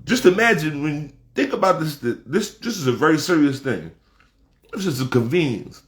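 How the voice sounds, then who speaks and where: A man's voice: a little high, animated, normal speed. Man ranting profanely in an echoey room. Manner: profane, emphatic, rising to shouts. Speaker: commentator. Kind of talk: heated casual rant.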